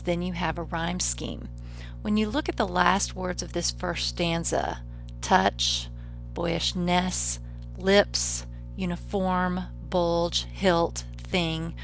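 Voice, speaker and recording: A woman professor lectures on the sound of a poem, steady and explanatory. Her voice sits a bit low, and she slows right down whenever she reads a line aloud. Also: vocal fry. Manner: measured, explanatory, slows down to read poetry lines aloud. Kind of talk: recorded literature lecture.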